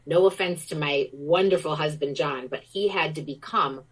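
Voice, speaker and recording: A middle-aged American woman with a notably low voice talks as an interview guest. Her manner is effusive and enthusiastic, and her stories pour out in casual chat. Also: normal speed, a bit bright, breathy edge, low-quality recording.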